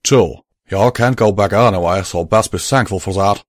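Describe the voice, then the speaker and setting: Man doing a drawling gruff pony gunslinger. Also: lowish voice, moderate pace, no room sound, clean studio sound, lightly acted. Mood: firm. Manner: firm, blunt, drawling. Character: gruff male pegasus stallion gunslinger, drawling.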